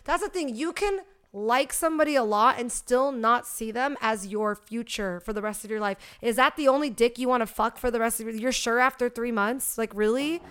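A woman's voice: fairly high pitch, normal speed, few pauses, a bit bright, clean tone. A young woman co-hosting a podcast, talking in a blunt, profane and jokey way. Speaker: podcast co-host. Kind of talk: casual chat.

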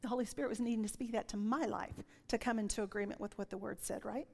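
A woman in her sixties preaching a sermon with a personal testimony, telling her story in an animated way and dropping to a whisper when she quotes. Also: mid-range voice, fast, gravelly. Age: 60s. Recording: long reverb of a large hall.

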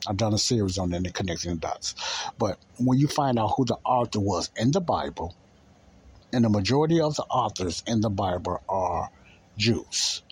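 A man's voice: on the low side, animated, normal speed, slight background noise, low-quality recording. A man preaching in a conversational style, repeating key phrases and pressing his listeners with rhetorical questions. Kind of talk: informal preaching.

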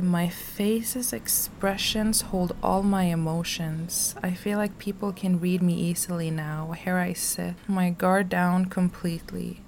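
A woman reading aloud from her personal journal, soft and slow, sometimes dropping to a whisper. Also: lowish voice, a little hiss or hum. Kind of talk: intimate journal reading, poetry-like.

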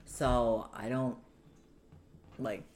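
A woman telling her own life story in a relaxed, chatty way, full of fillers and acted-out quotes of other people. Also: a bass voice, very slow, a little hiss or hum. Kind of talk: casual conversational storytelling.

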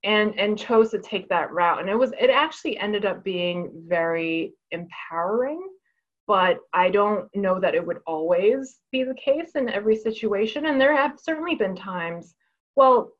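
A woman lawyer being interviewed, speaking candidly and thoughtfully with a mid-range voice. She often pauses and restarts her sentences. The audio sounds muffled and lo-fi. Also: medium pitch, expressive. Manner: reflective, frank, with frequent restarts. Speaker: lawyer and author, guest.

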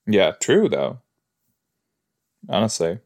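Guy reacting to a show, low voice, laid back and slow, lots of likes and jokes. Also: wildly swooping pitch, darkish tone. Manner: chatty, joking, thinks aloud with fillers. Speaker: podcast host. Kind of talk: casual watch-along reaction.

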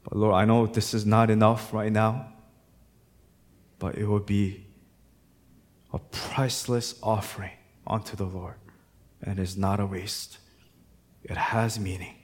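A man preaching a sermon as pastor. He moves between hushed, reflective passages and loud, fervent, repetitive exhortation. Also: lowish voice, little pitch movement, unhurried, pauses often. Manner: emphatic repetition.

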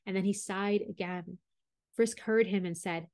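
A woman storyteller reading a fairy tale aloud in a calm, measured way. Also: medium pitch. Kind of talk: storybook read-aloud narration.

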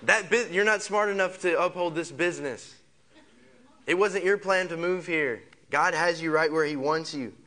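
Preaching at a normal speed, the pastor has a voice on the high side, bright and forceful. His sermon repeats phrases and piles on rhetorical questions, and he leads the congregation in saying lines back in call-and-response.

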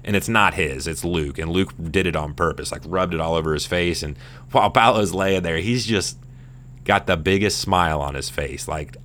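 A man in his thirties talks casual sports in a low, deep voice. He rambles and swears as he tells the story with animation. A faint hum runs under the recording. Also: lively intonation, normal speed, a bit bright. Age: 30s. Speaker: podcast host.

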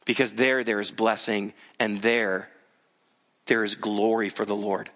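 A man's voice: lowish voice, flat delivery, measured pace, fairly bright tone, long reverb tail. A male pastor preaching an earnest, urgent sermon and acting out the voices of the people he quotes.

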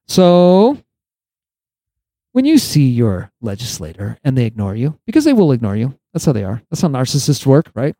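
A man's voice: high-pitched, mellow, no room sound. A male podcast host delivering opinionated solo commentary, sarcastic and emphatic, lecturing his listeners.

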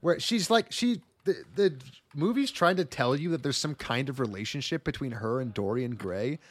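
A man co-hosting a casual movie discussion podcast, talking in an animated way and swearing freely. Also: mid-range voice, moderate pace, no echo. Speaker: podcast co-host.

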